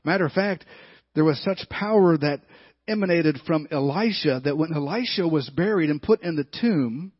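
A man pastor preaching a storytelling sermon that swings from loud, emphatic bursts to quiet, hushed lines. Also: fairly high pitch, slightly rough, no room sound, dull audio.

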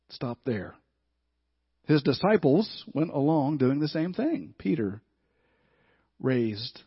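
A man pastor preaching a storytelling sermon that swings from loud, emphatic bursts to quiet, hushed lines. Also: medium pitch, slightly rough, dry recording, highs cut off.

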